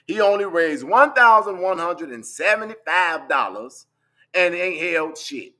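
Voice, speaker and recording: A man's voice: sits high, big pitch swings, a little slow, pushed and bright. A young man, talking bluntly and profanely in a casual livestream, scrolling through screenshots as he goes. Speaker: vlogger.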